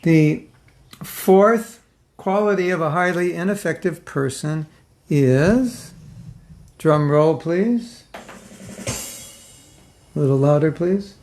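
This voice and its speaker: Soft music plays in the background as a middle-aged man, his voice a little high, slightly slow, and a bit mellow, leads an informal spiritual class. He's humorous throughout, joking with listeners, acting out their reactions, and speaking conversationally.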